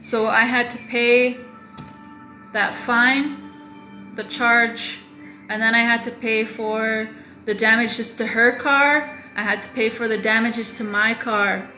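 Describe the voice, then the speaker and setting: A woman's voice: a little high, steady tone, slow pace, bright, forceful tone, echoey room, soft background music, rough recording. A woman talking straight to her viewers in a confessional vlog, emphatic and repeating phrases for weight, with the odd swear. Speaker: vlogger. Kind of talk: confessional talk to camera.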